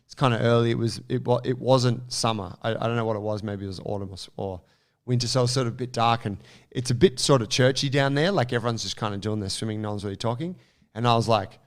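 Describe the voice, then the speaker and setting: A man co-hosting a podcast, telling a story in an animated, casual way with lots of fillers and some swearing. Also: mid-range voice, quick pace. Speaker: podcast co-host.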